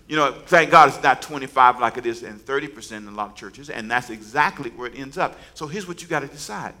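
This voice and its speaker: A man's voice: mid-range voice, expressive, fast, hardly any pauses, sharp tone. A man preaching a sermon, emphatic and repetitive, calling on the congregation to say lines back to him. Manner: preaching with call-and-response to the congregation; emphatic, repeats words and phrases. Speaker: pastor.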